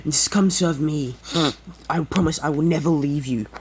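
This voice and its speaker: A man's voice: on the high side, moderate pace, background noise, natural voice. A man voicing an earnest, protective teenage boy hero who speaks in a sincere, pleading way, close to his own voice.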